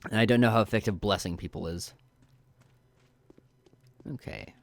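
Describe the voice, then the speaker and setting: A man's voice: lowish voice, normal speed, gravelly, a little hiss or hum. Chatty man streaming a game. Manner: chatty, jokey, thinks aloud while playing. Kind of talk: casual live game commentary.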